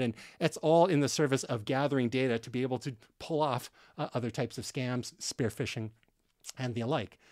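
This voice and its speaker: A man's voice: medium pitch, a little mellow, no echo, clean studio sound. A man from Canada co-hosting a tech podcast, explaining news in a casual, conversational way with fillers and restarts. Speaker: podcast co-host.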